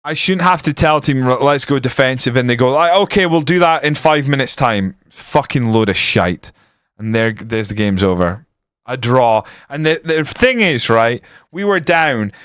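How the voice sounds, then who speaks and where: Young streamer, potty-mouthed and volatile, smooth voice, dry close sound. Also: male voice, mid-range voice, no room sound. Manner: swears constantly, yells at the match. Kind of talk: live game-stream commentary. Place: room at home with window open.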